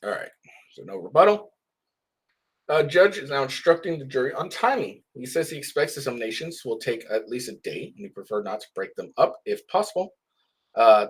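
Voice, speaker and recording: A man's voice: mid-range voice, sing-song, a little fast, slightly rough. A man with a stuffy nose giving casual, rambling commentary on live updates, full of restarts.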